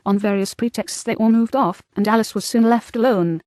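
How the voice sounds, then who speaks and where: A woman reading an audiobook, measured clear storytelling narration. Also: fairly high pitch, a little mellow, no echo. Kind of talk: scripted narration.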